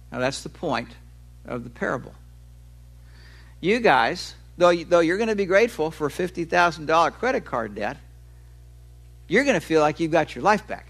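A man preaching a sermon in a fairly high, animated voice that climbs and drops freely. He talks to the congregation conversationally, explaining with everyday examples. He slows down and leans on key words.

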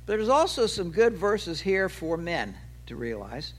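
A man in his sixties preaching a sermon, his voice rising for quoted lines and dropping low at the ends of phrases. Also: big pitch swings, measured pace. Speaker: pastor.

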